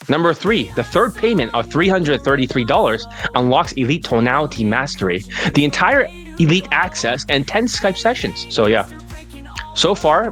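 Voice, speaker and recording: A male dating coach giving an assertive sales pitch as he answers viewer questions, and at times building into a rant. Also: a bit bright.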